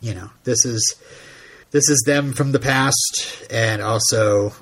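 A man's voice: mid-range voice, slow, fairly bright tone, breathy edge. A man hosting a podcast, recapping a TV episode in casual, rambling chat full of fillers and laughter. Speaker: podcast host.

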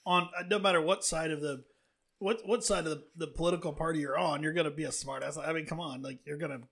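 A man chatting casually on a podcast, relaxed and bantering. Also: a little high, fast. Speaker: podcast co-host. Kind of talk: casual chat.

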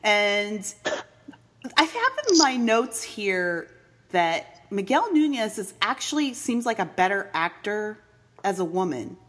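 A woman's voice: medium pitch, very animated, slow pace, fairly bright tone. Sarcastic woman recapping a movie. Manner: sarcastic, laughing asides. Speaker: podcast co-host. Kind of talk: casual movie recap chat.

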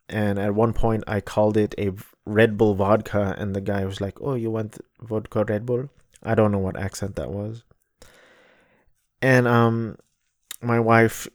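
A man's voice: fairly low pitch, no room sound, clean studio sound. A man in his thirties telling a rambling travel story in a casual, wry way, often correcting himself mid-sentence. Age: 30s.

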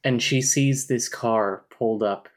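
A man's voice: mid-range voice, unhurried. A man co-hosting a casual podcast, recapping a novel with wry humor and reading quotes aloud. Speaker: podcast co-host. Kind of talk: casual book recap chat.

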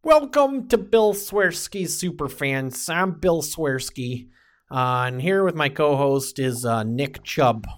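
A man's voice: a little high, lively intonation, slow. A man putting on a put-on Chicago accent, playing a brash, boastful Chicago sports superfan who rambles. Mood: brash boasting. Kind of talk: comedy podcast bit.

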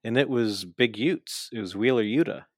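A man's voice: mid-range voice, normal speed, no echo, clean studio sound. A man casually recapping wrestling matches with a co-host, telling the action with enthusiasm and acting out the wrestlers' lines. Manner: frequent fillers and restarts.

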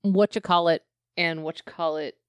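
A woman's voice: lowish voice, steady tone, moderate pace, smooth, no room sound, studio quality. A woman co-hosting a podcast in casual, rambling chat, laughing often and poking fun at herself. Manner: giggly, rambling, self-mocking. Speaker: podcast co-host. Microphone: compact podcast mic.

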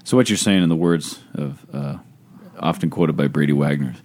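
A man hosting a podcast, speaking thoughtfully and deliberately with pauses and fillers. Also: a bass voice, a little mellow. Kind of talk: casual podcast conversation.

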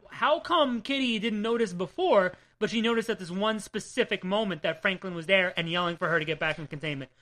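Swearing, laughing woman recapping comics. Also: medium pitch. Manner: swears a lot, animated and laughing. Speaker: podcast co-host. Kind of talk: casual comic recap chat.

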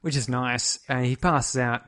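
A man in an easygoing podcast chat, walking his co-host through a film's plot. His voice sits at an ordinary middle pitch, and he slips into the characters' lines as he tells it. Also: fairly even intonation, unhurried, a bit bright. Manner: chatty, retells scenes, mimics characters' lines. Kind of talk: casual film recap chat.

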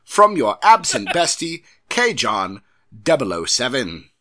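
A man putting on an exaggerated English accent to read out a listener's email, loud and theatrical. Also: medium pitch, huge pitch swings, measured pace, exaggerated voice. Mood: hammy. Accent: put-on English accent. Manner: exaggerated, loud, stumbling into Australian. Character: mock English gent reading an email.

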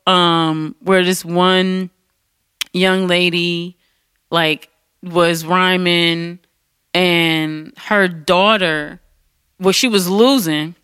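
A woman host telling an animated, excited story in casual chat. Her voice is bright and forceful and sits close and dry, with no room sound. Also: fairly low pitch, extremely slow, clear, resonant tone, no room sound. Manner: enthusiastic, animated storyteller who acts out quotes.

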